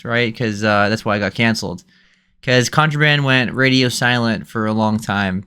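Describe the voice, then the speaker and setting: A man hosting a casual gaming podcast, running through the news in a relaxed, lightly joking way. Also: medium pitch, smooth. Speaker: podcast host.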